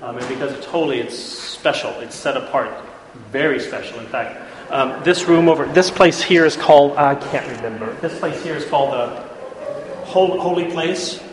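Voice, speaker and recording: A man's voice: on the high side, normal speed, a crowd in the background. A man giving an informal classroom lecture, chatty and constantly checking in with his listeners. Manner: chatty, checks in often with "right?". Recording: echoey hall, faint room noise.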